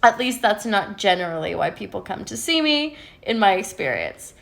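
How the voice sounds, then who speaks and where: A woman's voice: mid-range voice, sing-song, normal speed, vocal fry, a bit bright. A woman coach talking casually to her viewers, candid, swearing freely and often ending points with "right?". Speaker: love and spiritual coach. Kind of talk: casual livestream talk to viewers.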